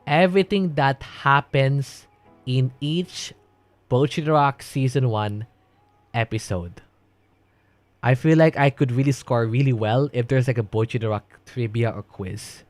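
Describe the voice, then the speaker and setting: A man's voice: medium pitch, dry recording. A young man chatting casually on a livestream, reading and answering chat in a rambling way and laughing often. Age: young adult.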